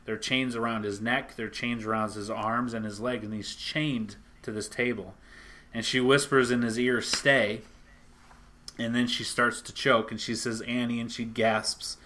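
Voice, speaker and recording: A man with a bright, forceful voice retells a comic book story in a casual chat. He talks in an animated way and acts out the characters' lines as he goes. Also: mid-range voice, normal speed.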